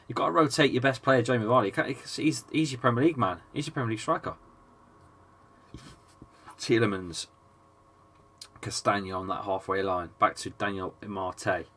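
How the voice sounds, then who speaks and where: Chesty English bloke doing a football watchalong. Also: male voice, mid-range voice, fairly bright tone. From England. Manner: chatty, swears, reads chat aloud between play calls. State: sick, chesty, coughing. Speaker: football fan streamer. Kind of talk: casual live watchalong commentary.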